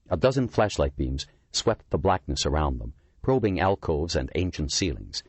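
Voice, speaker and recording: A male narrator with a very deep, husky voice reads a thriller audiobook with an animated, rising and falling delivery. The recording is close and completely dry. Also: moderate pace, hardly any pauses, dry recording. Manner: dramatic storytelling.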